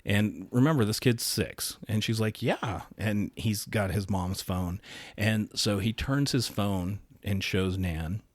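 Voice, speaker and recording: A man's voice: fairly low pitch, slow, no echo. A man co-hosting a podcast, telling a funny anecdote in a playful, chatty way and acting out the quotes. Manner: playful storyteller, acts out quotes. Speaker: podcast co-host. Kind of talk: casual chat.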